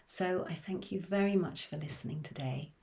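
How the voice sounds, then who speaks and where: A middle-aged woman therapist giving a calm, gentle demonstration, speaking softly and often half-whispering. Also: fairly low pitch, normal speed.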